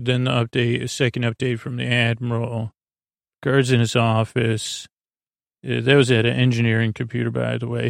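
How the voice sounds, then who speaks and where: Brief: male podcast host, gravelly, flat delivery, casual rambling recap. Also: medium pitch, dry recording, studio quality. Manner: rambling, many fillers and restarts.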